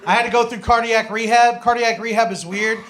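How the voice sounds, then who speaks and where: Brash, high-voiced stand-up comedian. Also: male voice, fairly even intonation, fairly quick, fairly bright tone. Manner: brash storytelling, profane punchlines.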